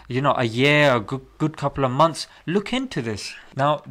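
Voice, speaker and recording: A man talks on a casual podcast, explaining points with animated emphasis. His voice sits at a medium pitch. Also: moderate pace. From England. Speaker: podcast guest.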